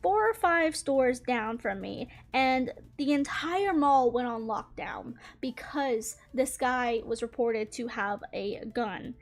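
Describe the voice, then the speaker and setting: A woman's voice: on the high side, takes it slowly, few pauses, soft background music. A young woman chatting casually as she tells a story while drawing, swearing often and laughing along the way. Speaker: drawing channel host.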